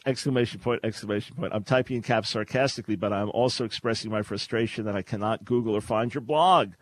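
An older New York man with a New York accent hosts a talk radio show, casual and sarcastic, laughing often as he tells a story. His voice is on the low side, quick, with hardly any pauses.

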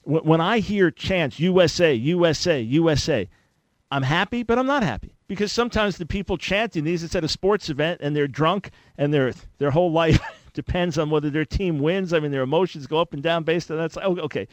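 A man's voice: on the high side, a little fast, hardly any pauses, no room sound. A man hosting a radio talk show, speaking conversationally with sudden bursts of emphasis.

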